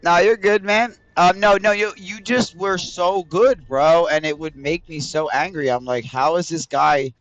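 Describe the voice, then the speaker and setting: A man's voice: on the high side, steady tone, measured pace, hardly any pauses, a bit bright. A man streaming a video game, chatting casually with his viewers in a rambling, profane way. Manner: rambling, profane, talks straight to chat. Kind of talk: casual livestream chat with viewers.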